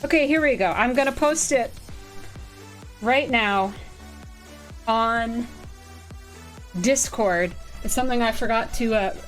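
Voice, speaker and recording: A woman streamer chatting casually and excitedly, greeting viewers by name. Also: a little high, slow pace, pauses often, faint music behind. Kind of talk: casual live-stream chat.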